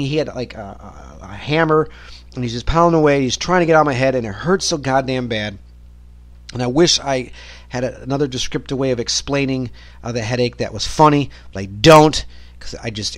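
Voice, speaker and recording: A man's voice: medium pitch, fairly bright tone, no room sound. A man hosting his own podcast, ranting in a rambling solo monologue full of swearing and exasperation. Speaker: podcast host.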